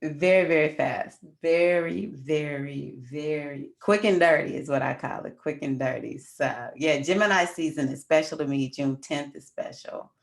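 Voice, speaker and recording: A woman's voice: low-pitched, moderate pace, gravelly, hardly any pauses. A middle-aged woman hosting a casual livestream, chatting with viewers and telling a personal story. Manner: chatty, addresses viewers as y'all. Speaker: astrology livestream host.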